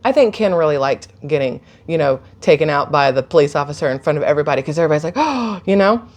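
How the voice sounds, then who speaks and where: A low-pitched woman talks very fast as she vlogs a casual story to her phone. Full of energy, she performs the people in the tale, chatty and animated, breaking into laughs and gasps as she retells it.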